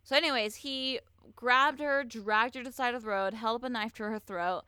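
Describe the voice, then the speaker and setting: A woman's voice: a little high, moderate pace, bright, forceful tone, clear, resonant tone, no echo, studio quality. A woman co-hosting a podcast, telling a true-crime story in blunt, profane, casual chat full of fillers.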